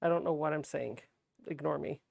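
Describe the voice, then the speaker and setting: Female livestream host, soft-spoken and unprojected, low gravelly tone, chats and thinks aloud while sewing. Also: fairly quick, no room sound, highs cut off. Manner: soft-spoken, not projecting.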